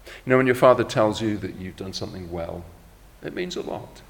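A middle-aged man delivers a sermon in a fairly low voice, measured and reflective, easing his pace over quoted verses. His voice carries a long reverb, as in a large hall. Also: creaky. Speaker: preacher.

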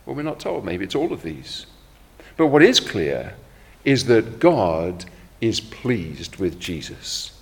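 A middle-aged man delivers a sermon in a fairly low voice, measured and reflective, easing his pace over quoted verses. His voice carries a long reverb, as in a large hall. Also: very animated. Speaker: preacher.

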